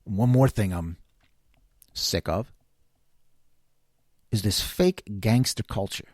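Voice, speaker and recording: An older commentary show host from around New York City speaks slowly in a voice on the low side, recorded cleanly in a studio with no echo. His casual monologue is an animated rant, sarcastic and exasperated.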